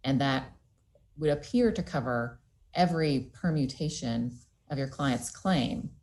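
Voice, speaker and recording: Brief: woman judge, very low voice, pointed probing questions to counsel. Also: a little slow, darkish tone. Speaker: appellate judge. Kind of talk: questioning counsel in oral argument.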